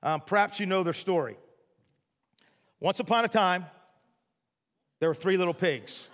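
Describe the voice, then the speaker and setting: A man's voice: sits high, a little slow, long reverb tail. A male pastor preaching a sermon in a chatty, jokey storytelling way, full of asides to the audience.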